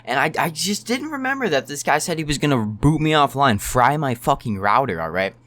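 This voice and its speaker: A man's voice: mid-range voice, brisk. A young man telling a casual storytime, rambling and swearing freely. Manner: profane, rambling and animated. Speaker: storytime YouTuber.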